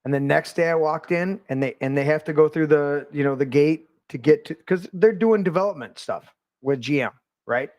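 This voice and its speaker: A man hosting a casual conversation, telling animated stories and swearing freely. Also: a little high, moderate pace, no echo, studio quality. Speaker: podcast host.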